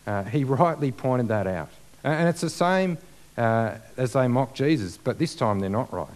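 A man's voice: mid-range voice, expressive, moderate pace, darkish tone. A man preaching a sermon in a conversational way, with many fillers and rhetorical questions.

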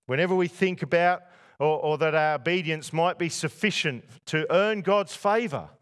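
A man's voice: fairly high pitch, normal speed, fairly bright tone, smooth. A man preaching a sermon to a church congregation, putting rhetorical questions to his listeners. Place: church before a masked congregation.

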